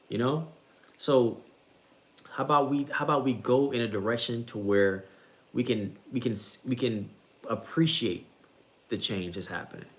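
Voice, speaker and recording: A man's voice: medium pitch, a little mellow. A young man giving a casual talk about faith, repeating himself a lot and calling the listener bro. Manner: repetitive, conversational, says bro a lot, laughs at own jokes. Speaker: bible reading streamer.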